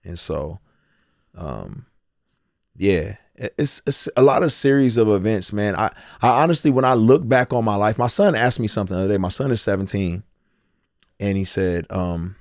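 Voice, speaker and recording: Brief: man in his forties, lowish voice, animated storyteller, dry close sound. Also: moderate pace, no room sound. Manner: animated storyteller, acts out quotes. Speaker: guest. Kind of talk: candid storytelling.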